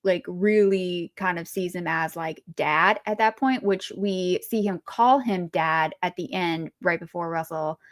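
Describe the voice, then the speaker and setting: A woman's voice: lowish voice, measured pace, few pauses. A woman co-hosting a podcast, chatting casually about a movie, rambling with fillers and restarts. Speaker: podcast co-host.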